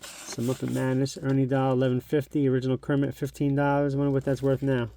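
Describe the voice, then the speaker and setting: A middle-aged collectibles host narrates casually while showing an old magazine at home, nostalgic and thinking out loud. He speaks fast at medium pitch with a completely flat delivery, and his voice is creaky and dark.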